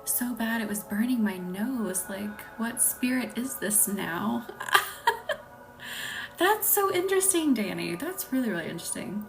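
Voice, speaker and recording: A woman with a Southern US accent hosting a casual live stream, talking softly, often near a whisper, and laughing easily. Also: mid-range voice, measured pace, gravelly, far from the mic, faint music behind. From Southern United States.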